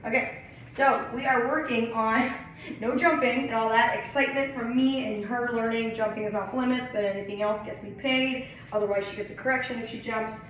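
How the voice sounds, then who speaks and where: A fairly high-voiced woman talks through a dog training session in a loose, casual way, checking in with "right?" and "okay?" as she goes. She sounds far from the mic, in a heavily echoing room with a faint hiss behind her. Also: fairly even intonation, moderate pace, a bit bright. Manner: explains plainly, repeats "right?" and "okay?" checks.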